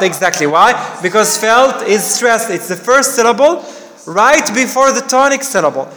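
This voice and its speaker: A man teaching a class, explaining slowly and quizzing students with questions. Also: high-pitched, fairly bright tone, in a large hall. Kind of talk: classroom lecture.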